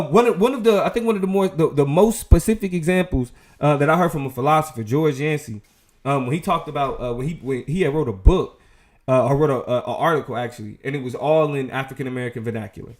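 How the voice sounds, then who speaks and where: Give me a male show host with a fairly high voice, talking animatedly and emphatically. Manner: animated, emphatic, frequent restarts. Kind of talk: casual commentary.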